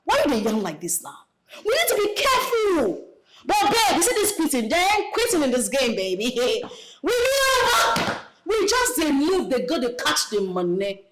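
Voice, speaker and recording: An actress with a Nigerian accent playing a brash, bossy young woman hustler, speaking loud Pidgin. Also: high voice, huge pitch swings, moderate pace. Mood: boastful. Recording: noisy film scene audio.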